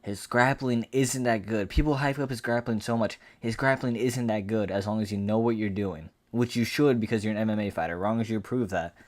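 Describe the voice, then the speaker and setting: A man's voice: fairly low pitch, a little fast, few pauses. A man giving a casual fight recap rant as an MMA commentator, profane, boastful and rambling.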